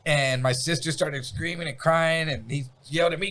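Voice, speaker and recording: A podcast guest with a higher-pitched voice speaking at normal speed tells a story casually, swearing freely. He's animated and acts out the sounds as he goes.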